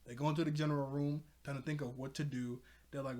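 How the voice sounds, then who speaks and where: A man's voice: medium pitch, fairly even intonation, fairly quick, few pauses, darkish tone. A man giving a casual, chatty episode recap, filling his talk with "like" and laughing often. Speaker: TV episode reviewer.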